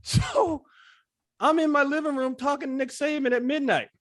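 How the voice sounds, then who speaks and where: A man co-hosting a sports podcast, an animated storyteller who laughs often as he talks. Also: extremely high pitch, normal speed, dry recording, studio quality. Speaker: podcast co-host. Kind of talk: casual sports chat.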